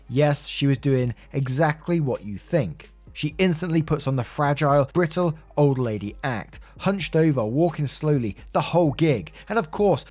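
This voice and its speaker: Male story narrator over soft music. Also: mid-range voice. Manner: conversational storytelling with asides.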